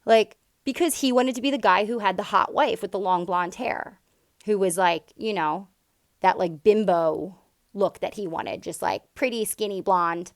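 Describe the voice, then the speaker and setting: A candid young woman tells her own story in a loose, emphatic way, dotting it with asides. Her voice sits at an ordinary middle pitch and is recorded close and dry, with no room sound. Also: normal speed, no room sound. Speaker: vlogger sharing a personal story. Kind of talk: casual personal storytelling.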